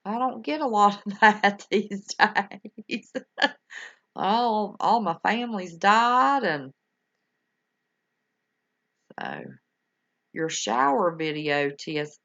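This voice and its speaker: A woman's voice: medium pitch, expressive, slow, creaky, long pauses, a bit bright. Folksy older woman hosting a stream. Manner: folksy and affectionate, calling viewers honey and y'all. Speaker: livestream host. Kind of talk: casual chat with live viewers. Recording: dull lo-fi home stream audio.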